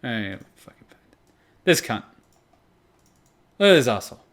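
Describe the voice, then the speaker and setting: A young man hosting an anime reaction video, chatting casually with plenty of swearing and sudden loud outbursts. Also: medium pitch, measured pace. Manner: profane, animated, breaks into loud outbursts.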